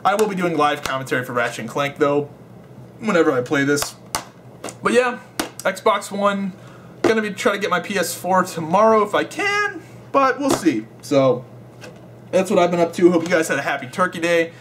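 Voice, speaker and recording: A man's voice: high voice, sing-song, moderate pace, background noise. A young man telling a rambling, swear-filled story in a casual vlog. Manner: rambling, swears a lot, laughs while telling. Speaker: gaming vlogger.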